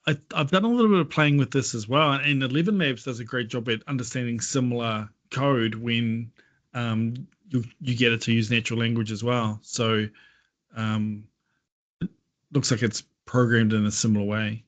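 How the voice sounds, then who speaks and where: A man co-hosts an online talk in a relaxed, conversational way. He speaks hesitantly, often restarting words and filling pauses with ums as he shares his experiences. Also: medium pitch. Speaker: webinar co-host. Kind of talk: casual conversation.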